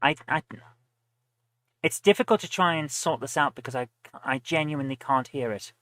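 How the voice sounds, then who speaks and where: A man's voice: on the high side, moderate pace, a bit bright, dry recording, rough recording. A British man hosting a live stream, chatting casually and grumbling while he fiddles with his audio settings.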